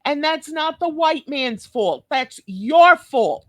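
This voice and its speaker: Slow, profane New York woman ranting. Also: high-pitched, expressive, fairly bright tone, dry recording. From Brooklyn, New York. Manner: blunt, cursing, scolding rant. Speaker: reaction video host. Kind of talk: profane reaction commentary.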